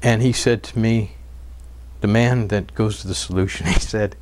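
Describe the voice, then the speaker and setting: Speaking at normal speed in a steady, darkish voice on the low side, a documentary narrator recounts stories during an interview. His delivery is earnest, broken up by fillers and restarts.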